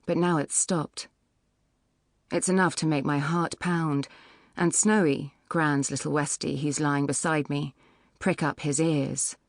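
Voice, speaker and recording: A woman reads a first-person novel with a low, measured, even delivery. The recording is close and dry, with no room sound at all. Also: no echo. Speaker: audiobook narrator. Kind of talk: scripted first-person narration. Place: recording studio.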